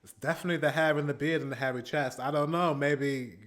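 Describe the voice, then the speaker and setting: A man's voice: on the high side, fairly even intonation, fast, fairly bright tone. A British man giving chatty, rambling commentary while reacting to music, laughing often between remarks. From Britain. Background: faint pop music playing.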